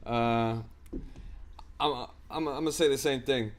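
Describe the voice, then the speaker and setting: A man's voice: medium pitch, a little slow. A man hosting a crypto live stream, giving hyped, slangy commentary and talking straight to his chat. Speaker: crypto livestream host.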